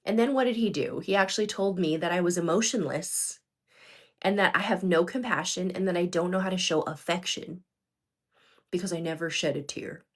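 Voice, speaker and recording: A woman's voice: on the low side, moderate pace. A middle-aged woman hosting a livestream, talking earnestly and directly to her viewers and often checking in with them. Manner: earnest, addresses viewers directly with frequent "okay?". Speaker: livestream host. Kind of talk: unscripted livestream talk to viewers.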